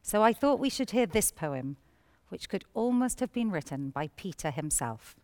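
A woman presenting a poetry programme, giving scripted introductions to each poem in an expressive storytelling tone. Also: medium pitch, normal speed.

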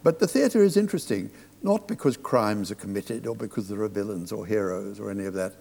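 An older man with a mid-pitched voice recalls his theatre work in an anecdotal, dryly humorous way. His voice carries a long reverb, like a hall talk in front of an audience. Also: lively intonation, fairly quick, creaky, dark tone. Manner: anecdotal, dry humour. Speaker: theatre director.

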